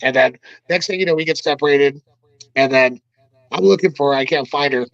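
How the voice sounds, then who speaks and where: A man's voice: fairly high pitch, fairly quick, creaky, fairly bright tone, no echo, dull audio. A man telling a story as a podcast guest, in a rambling, profane and emphatic way. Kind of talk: casual storytelling.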